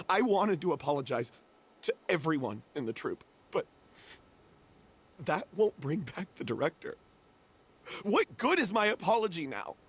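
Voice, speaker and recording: A man's voice: a little high, breathy edge, full character voice. A man voicing a remorseful young theater troupe member in a game cutscene, confessing with guilt and self-reproach. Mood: despairing.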